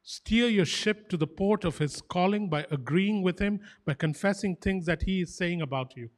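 Preaching at a moderate pace in a high voice, a male pastor delivers an emphatic, fervent sermon. He stresses his points by repeating short phrases, his exhortation animated throughout.

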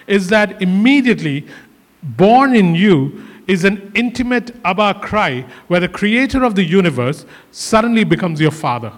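High-voiced man preaching in a reverberant hall. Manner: earnest, repeats phrases for emphasis. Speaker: pastor. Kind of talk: sermon.

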